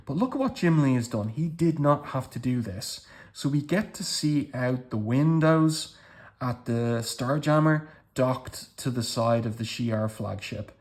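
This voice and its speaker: Man calmly reviewing a comic book. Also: mid-range voice, a little slow. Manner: appreciative, talks through panels one by one. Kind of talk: casual commentary walking through comic pages.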